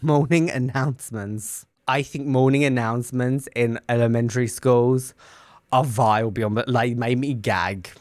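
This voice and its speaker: A male teacher co-hosting a podcast, telling classroom stories in casual chat. He is animated and slips into little acted quotes, with a voice of middle pitch. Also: unhurried, no echo, clean studio sound. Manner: animated storyteller, acts out quotes.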